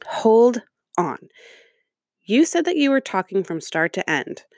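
A woman's voice: fairly high pitch, very animated, a little slow, darkish tone, dry recording, studio quality. A woman reading a customer review aloud and breaking off into sarcastic, profane rants about it. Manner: sarcastic, profane, exasperated asides. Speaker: commentator reacting to a review. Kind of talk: reading aloud and ranting commentary.

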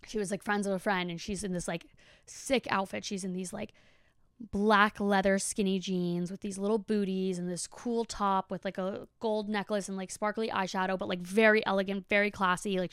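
A woman's voice: medium pitch, vocal fry, clear, resonant tone, no echo, clean studio sound. A young woman hosting a podcast, telling a story in a chatty, casual way with lots of fillers and swearing. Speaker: podcast host. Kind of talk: casual monologue.

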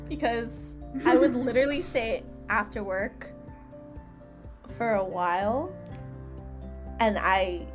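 A woman's voice: on the high side, takes it slowly, soft background music. A young woman guesting on a podcast, chatting playfully with nervous laughter. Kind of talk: casual chat.

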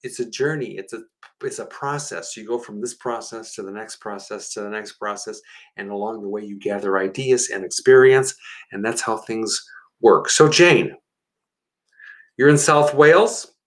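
A man's voice: lowish voice, normal speed, fairly bright tone, low-quality recording. A man hosting a casual live stream, rambling and chatting to his viewers by name. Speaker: live-stream host and seminar leader.

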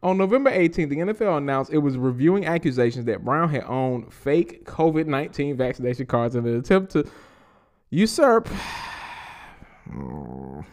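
Here a podcast host with a Southern accent reads out news and riffs on it, tossing in laughs and profanity. His medium-pitched delivery is sing-song and moderately paced.

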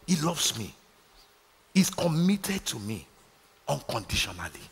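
A man's voice: medium pitch, big pitch swings, unhurried, vocal fry, long reverb tail, a little hiss or hum. A Nigerian man preaching a sermon, calling out to his congregation for responses. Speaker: pastor. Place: large church hall.

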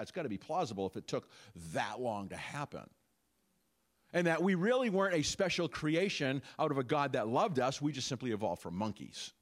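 A man preaching a sermon, animated, with frequent rhetorical questions and asides to the congregation. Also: mid-range voice. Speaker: pastor.

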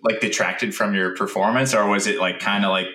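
A man co-hosting a casual chat with lively, profane banter. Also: on the low side, fairly quick, noisy background. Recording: echoey distant mic.

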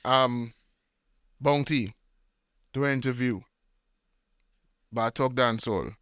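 A man's voice: medium pitch, slow pace, a bit bright, clean tone, no room sound. A man in a laid-back podcast conversation who steers the talk, tosses in short agreements and asks questions. His voice is recorded dry and close, with no room sound. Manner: steers the topic, lots of short agreeing "mm" and "yeah". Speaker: podcast host. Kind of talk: casual chat.

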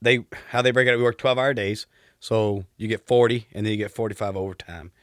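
A man's voice: on the low side, fairly even intonation, fast talker, a bit bright, no room sound, clean studio sound. A man in his thirties from Texas with a Southern accent, telling stories as a podcast guest in an easygoing, polite way. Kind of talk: casual storytelling.

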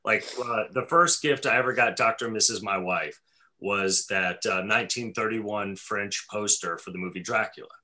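A man's voice: lowish voice, moderate pace, bright, forceful tone. A man chatting casually on a podcast, telling a rambling story with lots of fillers. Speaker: podcast co-host. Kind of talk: casual chat.

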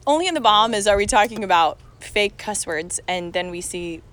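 A woman hosting a podcast, chatting casually and quickly with friends outdoors. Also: mid-range voice, lively intonation, a bit bright. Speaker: podcast host. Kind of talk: casual chat.

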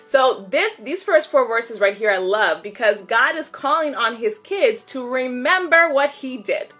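A woman's voice: on the high side, animated, unhurried, bright, forceful tone, soft background music. A woman hosting a live online Bible study. She greets viewers by name, prays and reads scripture in an upbeat, casual way, and laughs easily. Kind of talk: casual livestream devotional with prayer and scripture reading.

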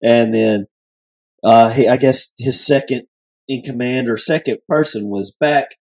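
A man's voice: medium pitch, unhurried, a little mellow. A man co-hosting a podcast who tells a story in a hesitant, giggly way. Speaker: podcast co-host. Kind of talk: casual storytelling.

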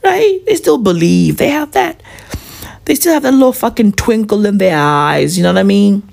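A man's voice: sits high, animated, normal speed, vocal fry, a little mellow. A man, doing a profane, rambling comic monologue full of "right?" and "bruv". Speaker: comedian vlogger.

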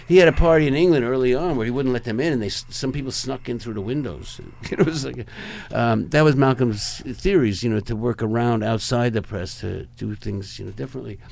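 A man's voice: mid-range voice, a little fast, gravelly, few pauses, a little mellow. An older man, a rock photographer, telling long, rambling stories as a guest in a conversation and chuckling between them. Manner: rambling, chuckling, acts out other people's lines. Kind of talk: anecdotal storytelling in a conversation.

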